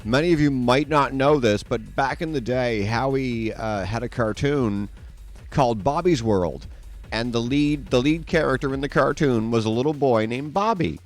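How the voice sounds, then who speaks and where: A man hosts his live stream in a rambling, excitable ramble, peppered with swearing, his voice sitting at an average pitch. Faint music runs under him. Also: moderate pace. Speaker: streamer host. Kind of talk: casual livestream chat.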